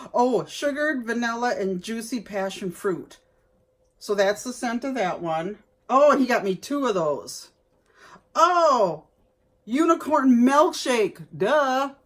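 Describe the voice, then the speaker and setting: A woman vlogger chatting casually to viewers as she unboxes gifts, exclaiming over each item. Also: a little high.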